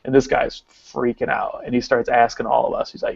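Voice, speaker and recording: Gravelly man rambling through a story. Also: mid-range voice, brisk, few pauses, dry recording, highs cut off. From Arkansas. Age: 30s. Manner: rambling, excitable, heavy use of "like". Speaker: podcast co-host. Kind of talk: casual storytelling.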